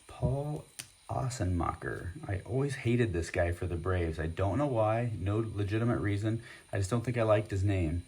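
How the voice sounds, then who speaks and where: A man's voice: lowish voice, moderate pace, darkish tone, slightly rough. A man hosting a casual vlog, chatting and rambling with many fillers as he opens packs of cards. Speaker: host. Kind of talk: casual card-opening vlog.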